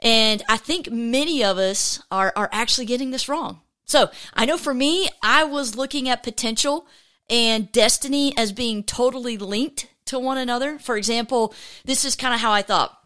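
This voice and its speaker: A woman hosting a faith podcast in a casual, chatty way, with a fairly high, smooth and resonant voice. She talks in an upbeat rush, rambles, and restarts her sentences a lot. It sounds like relaxed solo talk to listeners. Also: normal speed. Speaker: podcast host.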